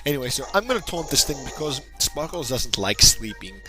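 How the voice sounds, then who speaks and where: A gaming channel host narrates a game battle over gameplay, casual and rambling, cracking jokes and now and then breaking into excited bursts. His voice sits at a middle pitch and he talks fairly quickly. Background music is clearly audible, and the recording is rough.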